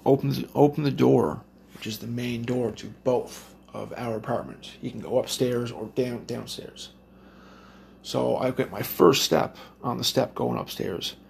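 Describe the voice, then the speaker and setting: Gravelly man telling a profane story. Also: medium pitch, darkish tone, a little hiss or hum. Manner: heavy swearing, rambling with restarts. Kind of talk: casual storytelling.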